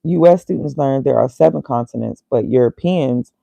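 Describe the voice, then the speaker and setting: A man's voice: medium pitch, moderate pace, gravelly, warm tone, no echo, poor audio. A man casually thinking aloud as he reads, muttering and reacting to himself. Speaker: vlogger.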